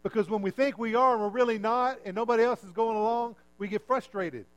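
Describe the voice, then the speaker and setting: A male pastor preaching a sermon in a conversational, self-mocking way, lowering his voice for asides and punchlines. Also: fairly even intonation, a little fast, no echo, dull audio.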